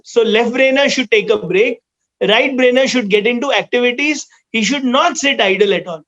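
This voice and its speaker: A man with an Indian accent giving an animated motivational talk as a guest speaker, slipping into rapid asides. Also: extremely high pitch, dull audio. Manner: animated, switches into quick Hindi asides.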